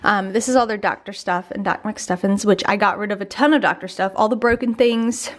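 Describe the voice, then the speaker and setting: A woman's voice: mid-range voice, steady tone, fairly quick, reverberant, a little hiss or hum. Chatty young mom touring her playroom. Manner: chatty, filler-heavy with frequent "um" and "like". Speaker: vlogger, mother. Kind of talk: casual home tour vlog. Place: home playroom.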